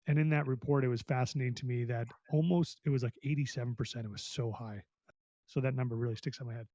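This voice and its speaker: A man's voice: medium pitch, steady tone, fast, mellow, no room sound. A man hosting a podcast interview, chatting enthusiastically and casually with fillers. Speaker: podcast host.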